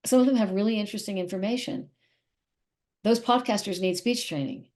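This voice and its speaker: A woman's voice: mid-range voice, normal speed, pauses often, a little mellow. A middle-aged woman, an actress and interview guest, talking in a casual, emphatic and opinionated way.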